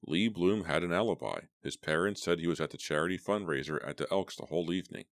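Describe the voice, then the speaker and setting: Calm middle-aged father, read by a man, very deep voice, measured, patient. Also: no room sound, clean studio sound.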